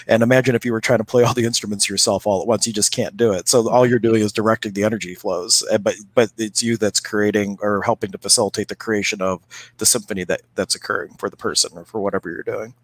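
A man's voice: fairly low pitch, fairly even intonation, fast talker. A man co-hosting a casual spiritual chat, telling stories in a rambling way with many restarts. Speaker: co-host, energy healer.

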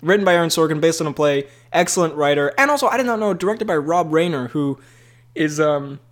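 Male podcast co-host, fairly high voice, chatty and playful, laughs a lot. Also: expressive, fairly quick. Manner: laughs often, rambling and playful. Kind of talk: casual movie chat.

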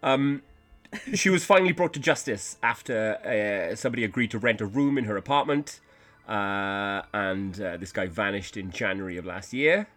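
A man's voice: on the low side, lively intonation, normal speed, a bit bright. A British man co-hosting a podcast, reading out news in a dry, wry way with frequent ums. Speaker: podcast co-host. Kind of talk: casual chat, reading news stories.

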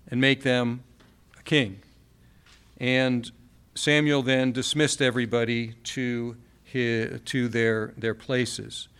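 A man's voice: medium pitch, fairly bright tone, smooth. A man preaching a sermon, reading Bible verses aloud and repeating key phrases for emphasis.

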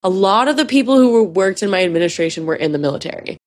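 A woman's voice: mid-range voice, lively intonation, fast talker, darkish tone. A woman in her twenties, a podcast host, telling a story in a casual, profane, chatty way with many fillers.

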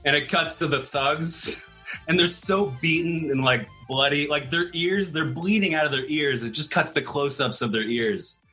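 A man's voice: fairly high pitch, moderate pace, bright, forceful tone, soft background music. A man casually telling a made-up movie plot to his co-hosts, rambling with many fillers and frequent laughs. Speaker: podcast host pitching a made-up movie. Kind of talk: casual comedic storytelling.

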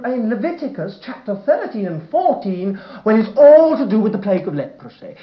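A man giving a Bible teaching, reading verses aloud in a measured way with enthusiastic asides. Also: high-pitched. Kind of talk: sermon-style Bible teaching. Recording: dull lo-fi recording in an echoey room.

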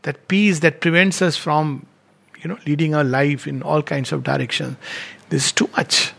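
A spiritual teacher, a man, reads poetry aloud and explains it in a measured, reflective way, pausing often. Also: a little high, fairly even intonation, creaky, a bit bright, husky.

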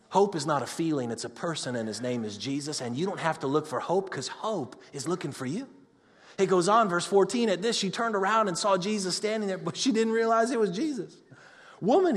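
Male pastor, high voice, preaching, loud to hushed, long hall echo. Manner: conversational preaching, swings from loud excited to hushed and intimate. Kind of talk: sermon.

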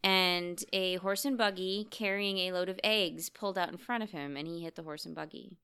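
A woman co-hosting an improv comedy podcast, chatty and animated, telling stories. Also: on the low side, normal speed, clean tone. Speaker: podcast host.

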